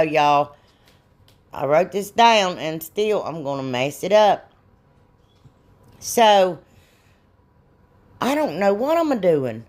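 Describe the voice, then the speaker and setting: A middle-aged woman chats through a DIY craft demo at an unhurried pace. Her talk is folksy and rambling, full of little asides and jokes at her own expense. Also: lowish voice. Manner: folksy, self-deprecating, rambling. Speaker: DIY crafts channel host. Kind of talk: casual craft tutorial chat.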